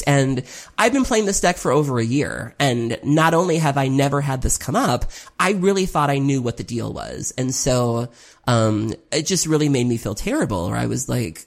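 A gravelly, fry-edged voice at a middle pitch tells a long tournament story in a loose, unscripted way. The speaker leans on filler "um"s, swears here and there, and keeps turning the blame back on themself. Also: moderate pace. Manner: rambling, self-critical, frequent ums, occasional swearing. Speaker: competitive card game player. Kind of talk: casual spoken recap.

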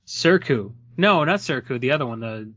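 A man's voice: mid-range voice, animated, fairly bright tone, muffled recording. A man co-hosting a podcast, chatting casually about card values with wry jokes. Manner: wry, joking, quick asides. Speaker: podcast co-host. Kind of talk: casual card-review chat.

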